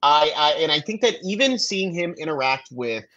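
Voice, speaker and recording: A man co-hosting a podcast, chatting casually with lively stammering restarts. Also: fairly high pitch, moderate pace, lo-fi sound. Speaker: podcast co-host. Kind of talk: casual recap chat.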